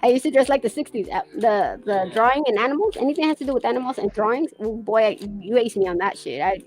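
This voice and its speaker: A woman's voice: on the high side, expressive, fast talker, a little mellow, soft background music. A woman hosting a casual chat, rambling through stories with plenty of swearing and laughter. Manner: profane, rambling storyteller who laughs often. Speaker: podcast host.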